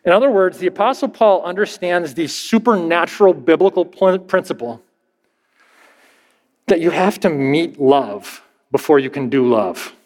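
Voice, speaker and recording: A man preaches from the pulpit in a conversational, emphatic way, backing up and restarting his phrases as he drives each point home. His voice sits a little high for a man, and a long reverb from the hall trails after every line. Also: lively intonation, normal speed, a little mellow. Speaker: pastor. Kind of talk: sermon.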